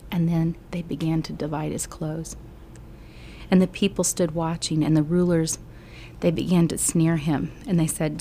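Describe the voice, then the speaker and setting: A middle-aged woman Bible teacher telling a gospel story slowly and earnestly, often sinking into a whisper. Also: fairly low pitch, steady tone, warm tone, slight background noise. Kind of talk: emotional Bible storytelling lesson.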